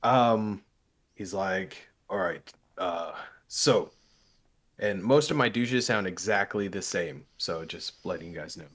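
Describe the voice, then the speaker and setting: A man's voice: deep voice, unhurried, a bit bright. A man narrating a tabletop game as game master, in a casual, rambling way with many fillers.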